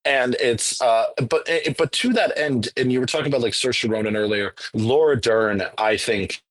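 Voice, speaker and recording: A man's voice: medium pitch, normal speed, fairly bright tone, no room sound. A man co-hosting a podcast, giving enthusiastic, emphatic opinions about films in casual chat. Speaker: podcast co-host. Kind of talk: casual film discussion.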